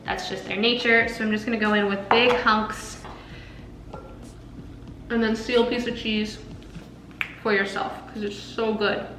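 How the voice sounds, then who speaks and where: A woman's voice: on the high side, flat delivery, unhurried, pauses often, reverberant, background noise. A young woman casually chatting through a cooking and eating vlog, upbeat and full of filler words. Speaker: food vlogger.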